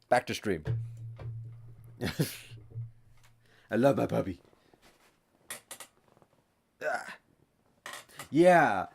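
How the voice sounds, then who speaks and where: A man's voice: mid-range voice, sing-song, very slow, vocal fry, pauses often, slightly rough. A young man streaming a game, rambling casually with lots of giggles and baby talk for his dog. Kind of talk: casual livestream chat while gaming. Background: game music.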